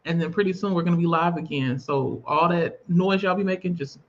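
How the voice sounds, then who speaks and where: A woman's voice: on the low side, brisk, a little hiss or hum. Chatty woman streamer, dull lo-fi audio. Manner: chatty and laughing, loose informal speech. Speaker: livestream host. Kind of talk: casual livestream chat. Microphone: video call.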